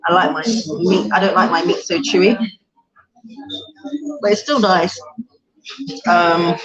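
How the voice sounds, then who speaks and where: A woman's voice: fairly low pitch, fairly even intonation, unhurried. Chatty woman on a lo-fi live stream. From born in Jamaica, raised in the UK. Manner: chatty, laughs often, eats while talking. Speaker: vlogger hosting a live Q&A. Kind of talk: casual live-stream chat. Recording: dull lo-fi stream audio with crowd noise.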